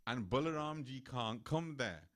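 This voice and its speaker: A man's voice: mid-range voice, animated, a little slow, close to an everyday voice. A man voicing a playful, affectionate young divine cowherd in a temple story, coaxing and insistent. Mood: pleading. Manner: coaxing, then refusing outright.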